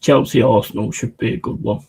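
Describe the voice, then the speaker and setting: A man chatting excitedly and casually as he hosts a live football watch-along stream. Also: medium pitch, brisk, vocal fry, breathy edge, low-quality recording.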